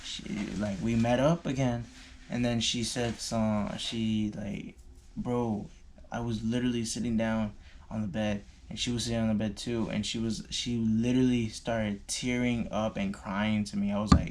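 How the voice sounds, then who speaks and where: Young guy, lowish voice, rambling slangy storytime, lots of swearing. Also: flat delivery, normal speed, darkish tone, a little hiss or hum. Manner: slangy and loose, full of fillers and swearing. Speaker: vlogger. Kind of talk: casual storytime.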